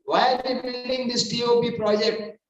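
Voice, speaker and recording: A man giving an earnest devotional lecture, rising to emphatic loud peaks. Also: extremely high pitch, level tone, moderate pace, far from the mic, lo-fi sound. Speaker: preacher. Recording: echoey hall, voice from off-mic.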